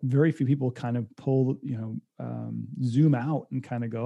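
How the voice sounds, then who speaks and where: A man's voice: mid-range voice, steady tone, moderate pace, vocal fry, mellow. A man explaining ideas in casual chat, reflective and thoughtful. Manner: reflective, explains with acted-out quotes.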